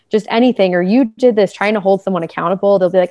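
A podcast co-host with a mid-range, mellow voice races along with few pauses, chatting casually about relationships with lots of fillers and acting out quoted speech in different voices. There's no room sound.

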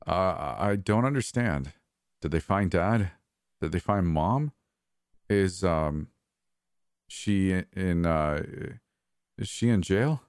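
A man's voice: deep voice, expressive, takes it slowly, long pauses, a little mellow, clear, resonant tone, no room sound, exaggerated voice. Man voicing timid young guy, stammering, hesitant, dry close sound. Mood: timid, confused.

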